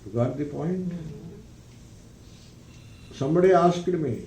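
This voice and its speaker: A male spiritual teacher gives a philosophy discourse in a dark, gravelly voice. He speaks deliberately and stresses his points with rhetorical questions. The mic sits far back in a roomy hall, with faint ambience behind. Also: medium pitch, a little hiss or hum. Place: retreat ranch hall.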